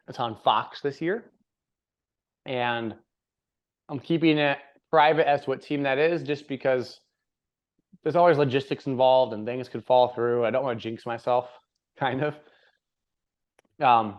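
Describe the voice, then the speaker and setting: A young man hosting a podcast in casual chat, rambling and upbeat, laughing often. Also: medium pitch. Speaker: podcast host. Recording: slightly dull lo-fi audio.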